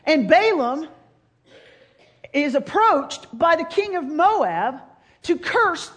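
Animated high-voiced woman preaching. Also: takes it slowly. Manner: animated storytelling, wide swings between loud and hushed. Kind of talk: sermon.

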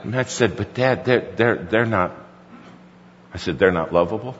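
A man's voice: lowish voice, a little slow, a bit bright. A middle-aged male pastor telling a folksy story in a sermon, quoting his son at length. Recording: dull recording with hall reverb.

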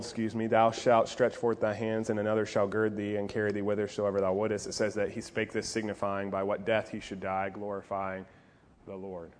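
Youth preacher, male, lively and joking, mid-pitched voice. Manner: animated, jokey, playful asides. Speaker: youth pastor. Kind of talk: youth sermon.

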